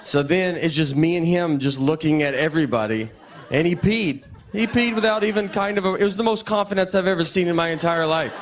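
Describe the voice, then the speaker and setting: A man with a Southern US accent telling stand-up stories in a dry, deadpan way. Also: on the high side, brisk. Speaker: stand-up comedian. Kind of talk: stand-up set and talk show chat.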